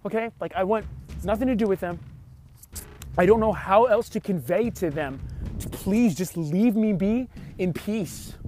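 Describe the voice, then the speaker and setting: High-voiced young man, exasperated rant. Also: unhurried, darkish tone, slight background noise. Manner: rambling, frustrated, swears often, heavy use of "like". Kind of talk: casual storytime monologue.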